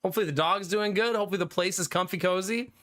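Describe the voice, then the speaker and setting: A man's voice: high-pitched, very fast, fairly bright tone. A man streaming live, chatting casually with his viewers in a laid-back way and laughing often.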